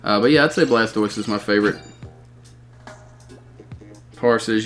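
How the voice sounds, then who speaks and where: A man streaming live gameplay, excitedly calling out plays and reading chat messages aloud. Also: lowish voice, a little slow, faint music behind. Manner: excitable, shouting out game callouts. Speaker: gaming streamer.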